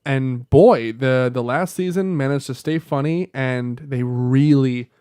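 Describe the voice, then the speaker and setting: A young man co-hosting a casual chat, swearing freely and getting worked up into rants that turn to shouting. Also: mid-range voice, measured pace, clear, resonant tone, no room sound, studio quality. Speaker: podcast co-host.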